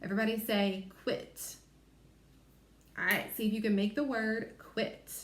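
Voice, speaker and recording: Slow, patient woman teaching phonics. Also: medium pitch, steady tone, echoey room. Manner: slow, sounding out letters and word parts. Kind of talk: recorded phonics lesson for young children.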